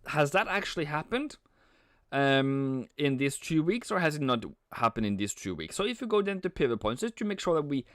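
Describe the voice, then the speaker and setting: A man hosting a live trading stream, talking casually and playfully as he answers chat with frequent halting restarts. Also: on the high side, big pitch swings, a bit bright, no echo, clean studio sound. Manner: chuckles often, halting restarts. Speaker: trading livestream host. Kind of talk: casual live market commentary.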